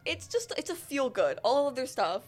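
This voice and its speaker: A woman's voice: high-pitched, big pitch swings, normal speed, soft background music. A woman chatting casually on a podcast, rambling with many fillers and restarts. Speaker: podcast co-host.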